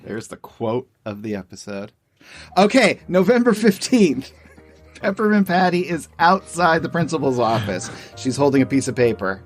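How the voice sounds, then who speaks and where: A man's voice: mid-range voice, sing-song, normal speed, hardly any pauses, faint music behind. A man co-hosting a podcast, chatting with teasing humor and reading comic strips aloud. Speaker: podcast co-host.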